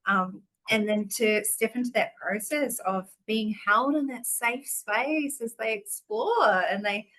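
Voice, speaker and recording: A woman's voice: fairly high pitch, slow pace, hardly any pauses, a bit bright, poor audio. A woman hosting a casual podcast interview, affirming and effusive toward her guest. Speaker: podcast host.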